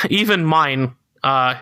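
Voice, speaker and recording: A man's voice: a little high, animated, drawn-out words, sharp tone, clear, resonant tone, no echo. A young man co-hosting a casual car podcast, laughing often and explaining technical details in a laid-back way. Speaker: podcast co-host.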